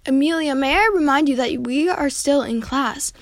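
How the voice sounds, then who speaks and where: A woman's voice: high-pitched, moderate pace, no room sound, clean studio sound. A woman reading the lines of a strict female teacher in a homemade story reading, with a stern, scolding tone.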